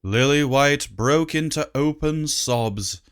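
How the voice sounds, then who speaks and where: A narrator reads a comic storybook in a steady, mid-pitched voice. The delivery is slow and deliberate, and each line is given room. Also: clear, resonant tone. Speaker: audiobook narrator.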